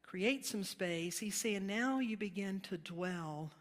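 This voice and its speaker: A woman pastor preaches a sermon in an easy, conversational way, telling stories as she goes. Her voice sits at a middle pitch and carries a long reverb from the church hall. She laughs along with the congregation at times. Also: animated, slow. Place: church sanctuary.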